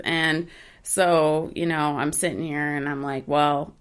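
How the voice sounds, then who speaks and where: A woman's voice: low-pitched, level tone, a little slow, clean tone. A woman from the United States, a guest on a podcast, chatting candidly and easily with a wry edge. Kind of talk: casual podcast chat.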